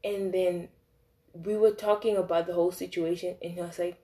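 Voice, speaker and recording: A woman's voice: fairly low pitch, normal speed. Chatty young woman. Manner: chatty and animated, lots of fillers and swearing. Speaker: vlogger. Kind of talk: casual storytime.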